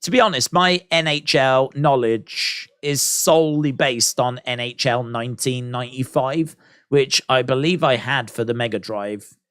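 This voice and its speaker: A British watch-along streamer speaks unhurriedly in a mid-range, slightly bright voice, with a clean tone on a dry studio recording. In a casual way he reflects aloud, shares viewer comments and jokes at his own expense.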